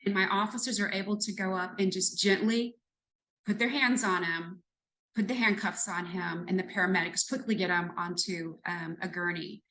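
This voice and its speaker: A woman's voice: on the low side, steady tone, normal speed, a bit bright, rough recording. A woman in her fifties, a retired police lieutenant, speaking as an interview guest. She tells a story in an earnest, reflective way, building it step by step. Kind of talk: conversational storytelling in a podcast interview.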